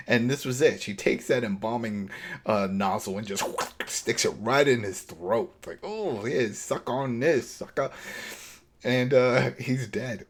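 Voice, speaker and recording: A man's voice: on the low side, slightly rough. A man co-hosting a podcast, recapping a TV episode in casual chat and acting out the characters' lines. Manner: animated, acts out characters' lines mid-recap. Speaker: podcast co-host.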